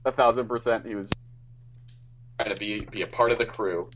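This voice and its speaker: A man with a low voice plays in a tabletop game, describing his character's actions in a dry, wry tone. His audio comes through dull and muffled. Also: steady tone, normal speed, a bit bright. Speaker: player.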